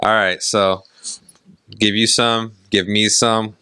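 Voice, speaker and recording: A man co-hosting a casual podcast chat over whiskey, an animated storyteller who acts out the exchanges he recounts. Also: fairly low pitch, slow, smooth, no echo. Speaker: podcast co-host. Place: indoor studio set, on camera.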